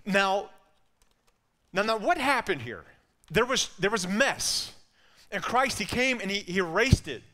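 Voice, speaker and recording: A man's voice: high-pitched, very animated, measured pace, pauses often, pushed and bright. A man with an Alabama accent preaching a sermon in an earnest way, often repeating words as he builds a point. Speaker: pastor.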